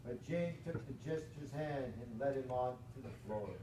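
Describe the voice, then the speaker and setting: Animated male professor reading aloud. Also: medium pitch, moderate pace, hardly any pauses. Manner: animated, playful asides. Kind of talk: reading a storybook aloud to a class. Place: lecture hall. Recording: echoey lecture hall from far off, noisy.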